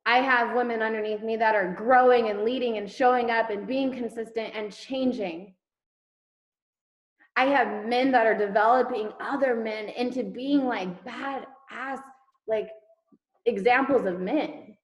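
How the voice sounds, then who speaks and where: A woman with a fairly high, steady voice speaks at a measured pace over a lo-fi, roomy video call. Leading her network marketing team, she motivates them emphatically with rhetorical questions, repeated words and casual swearing.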